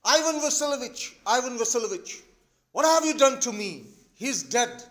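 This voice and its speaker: Man reading a sharp-tongued young woman, shrill and high. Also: very animated, normal speed, exaggerated voice. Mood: hysterical. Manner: shrill and mocking.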